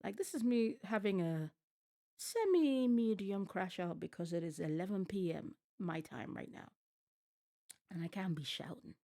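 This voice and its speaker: A woman's voice: medium pitch, moderate pace. A woman streamer reacting to a TV show, ranting and swearing at the screen in casual chat. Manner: animated, swearing, rants at the screen. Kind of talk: casual profane reaction rant. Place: home at night.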